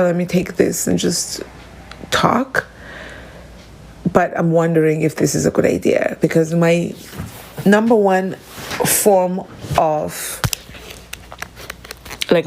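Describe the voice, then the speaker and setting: A woman with a South African accent, hosting a solo confessional podcast, talking alone at home in a halting, rambling, emotional way. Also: lowish voice, fairly even intonation, vocal fry, a little mellow, slight background noise, rough recording. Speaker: podcast host.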